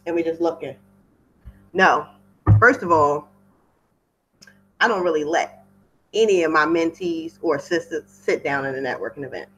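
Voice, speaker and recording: A woman hosts a webinar for wedding professionals, chatting off script and repeating words for emphasis into a computer mic. Her medium-pitched voice is bright and forceful, and the recording is rough.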